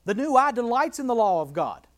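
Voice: medium pitch, big pitch swings, a little fast. Bible study teacher; emphatic, repetitive delivery, rhetorical questions, walks through a verse line by line. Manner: emphatic, repeats key phrases, asks rhetorical questions.

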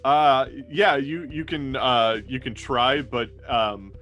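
A man at a mid-range pitch runs a tabletop role-playing game as its game master. He narrates in a halting way, stopping and restarting with plenty of fillers. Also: a bit bright, faint music behind.

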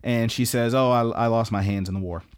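A man in a loose podcast chat, talking through an anime plot with plenty of swearing and quick laughs. His voice sits in an ordinary middle pitch. He rambles and restarts as he goes. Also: steady tone, smooth. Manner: rambling, profane, laughs often. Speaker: podcast co-host. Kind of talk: casual recap chat.

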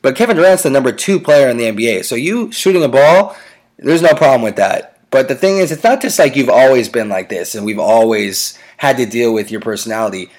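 A man's voice: mid-range voice, lively intonation, a little fast, darkish tone. A man hosting a casual sports podcast, ranting with strong opinions. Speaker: podcast host.

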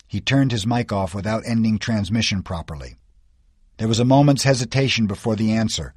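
A man's voice: lowish voice, lively intonation, moderate pace, slightly rough, dry recording, studio quality. A man narrating an audiobook in a tense, dramatic storytelling manner.

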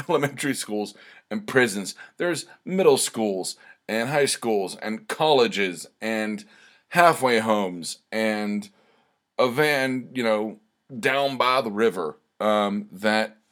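A man runs through a promotional plug in a loose, jokey tone. He speaks slowly and drags his phrases out. His pitch sits in an ordinary middle range. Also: fairly bright tone. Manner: slow, joking, offhand. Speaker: event announcer. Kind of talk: promotional announcement.

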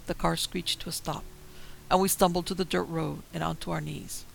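A man's voice: a little high, level tone, normal speed, vocal fry, low-quality recording. A man telling a first-person horror story in a dramatic, tense manner. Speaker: narrator.

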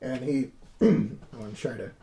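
A man narrating a tabletop game as game master, easygoing, with hesitant pauses. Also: medium pitch, warm tone.

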